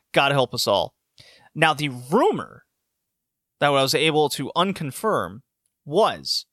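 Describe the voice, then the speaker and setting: A man's voice: a little high, sharp tone, no room sound, clean studio sound. A man giving a casual, opinionated recap of wrestling matches, sarcastic and prone to restarting his sentences. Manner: sarcastic, opinionated, frequent self-corrections. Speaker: wrestling show reviewer.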